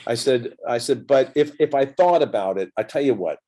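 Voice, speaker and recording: A man's voice: mid-range voice, lively intonation, a little fast, warm tone. A man in his sixties telling a long anecdote in a casual interview, acting out both sides of the conversations as he goes. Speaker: guest entertainer.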